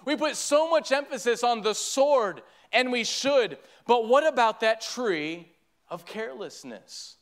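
A man's voice: very high voice, lively intonation, a little slow, few pauses. A man, preaching a sermon earnestly and often restarting his sentences. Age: 30s.

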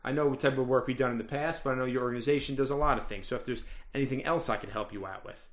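A man's voice: mid-range voice, very fast, close to an everyday voice. A man voicing a paranoid male criminal who insists on his new name, in a tabletop game. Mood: touchy. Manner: touchy, paranoid, boastful.

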